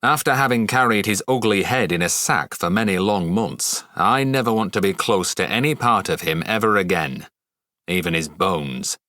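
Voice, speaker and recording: A cold, commanding witch assassin woman, as a male narrator puts her on for an audiobook. She speaks in a grave, clipped way, in a lowish register. The recording is dry and close. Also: moderate pace, bright, forceful tone, dry recording. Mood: stern.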